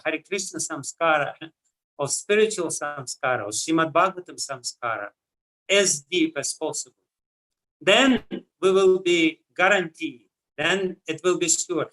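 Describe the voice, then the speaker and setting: A man with a heavy Russian accent gives a scripture lecture, his voice bright and slightly high for a man. He speaks in a measured way, pausing often with "uh" as he works through each point. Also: rough recording. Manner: measured, with frequent "uh" pauses. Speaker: spiritual teacher.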